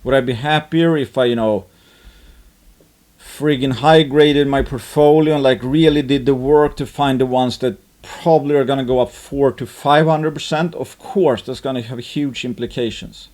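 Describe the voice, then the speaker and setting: A man's voice: mid-range voice, steady tone, normal speed, darkish tone. Rambling male investing commentator. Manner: rambling, many fillers and restarts. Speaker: investing channel host. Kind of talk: casual market commentary.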